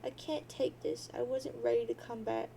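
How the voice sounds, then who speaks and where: Woman reading as a sobbing teen girl, high voice, gravelly, unhurried. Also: steady tone, mellow, slight background noise, poor audio. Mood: distraught. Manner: sobbing, wailing drawn-out boo-hoos. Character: grieving teen girl, weepy and lost.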